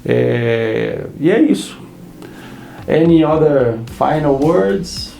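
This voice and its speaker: A man with a Brazilian Portuguese accent hosting an interview, his English halting and his Portuguese quick. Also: a little high, expressive, vocal fry, warm tone, reverberant, a little hiss or hum. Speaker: interview host. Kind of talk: casual interview chat.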